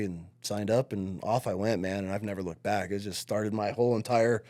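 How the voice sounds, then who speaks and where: A man's voice: fairly low pitch, steady tone, a little fast, hardly any pauses, warm tone. A man in his forties from upstate New York, a podcast guest telling stories in casual chat. He swears freely and acts out the people in his stories. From upstate New York, USA. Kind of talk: casual storytelling.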